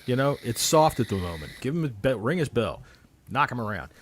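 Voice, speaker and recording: A man's voice: medium pitch, brisk, a little hiss or hum. A man hosting a casual sports podcast, joking around and riffing on mock ad copy. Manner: animated, jokey, reads mock ad copy. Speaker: podcast host.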